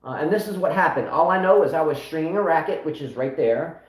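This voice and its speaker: A man's voice: on the high side, expressive, fast. A middle-aged man co-hosting a casual chat, rambling with many fillers and restarts. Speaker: co-host of a tennis channel. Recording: echoey room.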